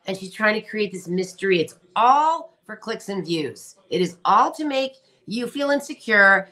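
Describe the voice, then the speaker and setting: Bright-voiced chatty woman livestreaming. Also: mid-range voice. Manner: chatty, reads viewer comments aloud, laughs often. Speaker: livestream host. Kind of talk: casual livestream chat.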